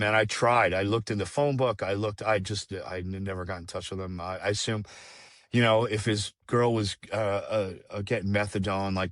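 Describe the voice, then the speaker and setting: A man's voice: sits low, a bit bright, no room sound, clean studio sound. A middle-aged man telling a candid personal story, rambling and profane, with frequent restarts. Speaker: guest singer.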